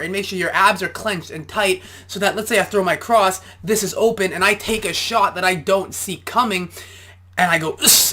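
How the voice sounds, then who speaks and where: A man's voice: high voice, bright, forceful tone. A man, an amateur boxer, giving casual reaction commentary and explaining boxing technique step by step.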